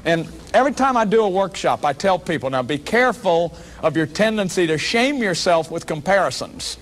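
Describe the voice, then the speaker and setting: A man's voice: sits high, expressive, a little fast. A man giving a public lecture as a workshop leader, earnest and emphatic, often repeating words as he restarts.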